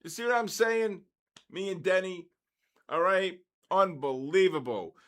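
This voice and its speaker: Excitable man hosting a livestream giveaway. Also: sits high, measured pace. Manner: excitable, calls out numbers and names, exclaims loudly. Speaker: livestream host running a giveaway. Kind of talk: casual livestream chat.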